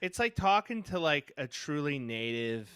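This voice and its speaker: Animated male podcast co-host. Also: fairly high pitch, normal speed, smooth, no room sound, studio quality. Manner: loose and joking, trails off with fillers. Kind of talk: casual sports podcast banter.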